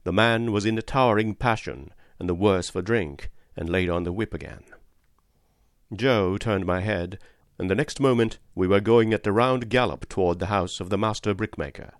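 A man with a lowish voice narrates an audiobook in a steady, measured storytelling style. The scripted narration is a dry, studio-quality recording.

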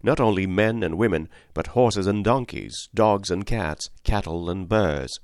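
A man reads a classic novel aloud with a deep, low voice and a calm, measured pace. The sound is dry and close, with no room echo at all. His delivery is steady and plain. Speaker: audiobook narrator. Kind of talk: scripted narration.

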